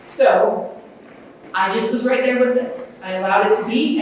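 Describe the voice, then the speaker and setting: Woman presenter, gentle unhurried delivery, heavy room echo, faint ambience. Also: medium pitch, distant mic, a little hiss or hum. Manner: gentle, unhurried, with fillers and restarts. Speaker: conference presenter. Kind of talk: workshop talk on self-compassion. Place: large conference room.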